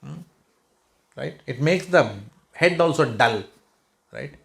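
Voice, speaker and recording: Speaking slowly in a slightly high, creaky yet fairly bright voice, this spiritual speaker from Mumbai stays animated throughout. His Indian English talk to a home group is conversational and wry, with occasional sarcasm and frequent "right?" and "hmm?" check-ins.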